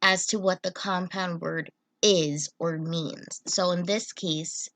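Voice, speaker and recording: A young woman teacher explains phonics to children slowly and patiently, one step at a time. Her voice sits a little low, and the recording is close and dry with no room sound. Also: steady tone, fairly bright tone, dry recording. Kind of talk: online phonics lesson for children.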